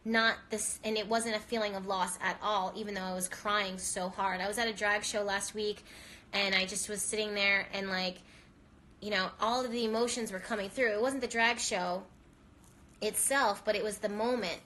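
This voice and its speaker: Tearful bright-voiced woman on a live stream. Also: mid-range voice, fairly even intonation, moderate pace, slight background noise. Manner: tearful, heartfelt, rambling with many restarts. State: teary, voice shaking from crying. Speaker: spiritual reader and live-stream host. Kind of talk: emotional live-stream monologue.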